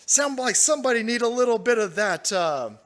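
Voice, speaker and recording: Brief: foul-mouthed, mocking male streamer reading chat, high voice. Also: lively intonation, fairly quick, a bit bright. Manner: profane, mocking, laughs often. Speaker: livestream host. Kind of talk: political commentary livestream.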